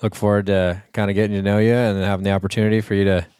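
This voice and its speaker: A man's voice: fairly low pitch, little pitch movement, rapid-fire, darkish tone, clear, resonant tone, no echo, studio quality. A man hosting a podcast in a laid-back, rambling way, full of "like" and "you know". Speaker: podcast host. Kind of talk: casual conversational interview.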